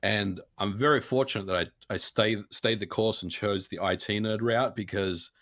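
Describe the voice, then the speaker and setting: A man speaking as a guest in a casual interview, relaxed and reflective, with many fillers. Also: lowish voice, moderate pace, dry recording, studio quality.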